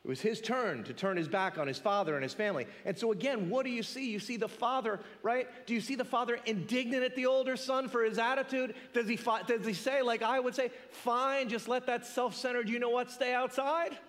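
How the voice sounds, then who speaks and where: High-voiced, animated male preacher. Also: fast talker, hardly any pauses, in a large hall. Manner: animated and conversational, asks rhetorical questions. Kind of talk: sermon.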